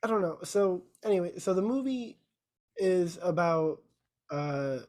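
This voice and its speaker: A woman's voice: fairly low pitch, expressive, a little slow, a little mellow. A woman co-hosting a podcast, casually retelling a movie plot with lots of filler words. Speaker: podcast co-host. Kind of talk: casual chat.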